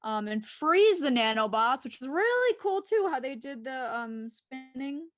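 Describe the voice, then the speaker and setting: A woman with a fairly high voice chats through a TV episode recap. She giggles often and acts out each character's lines. The sound is dry and close, with no room echo. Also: very animated, a little slow, fairly bright tone. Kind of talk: casual chat.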